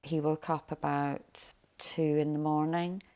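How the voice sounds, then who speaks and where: Soft-spoken middle-aged woman with a creaky voice. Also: level tone. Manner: quiet, halting storytelling that often sinks low. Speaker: bereaved mother interviewed. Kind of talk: documentary interview recollection.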